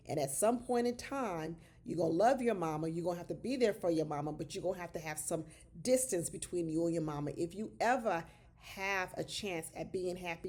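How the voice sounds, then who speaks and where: A woman giving casual, animated commentary on a reality show, exclaiming and talking straight to her viewers as y'all. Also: fairly low pitch, creaky.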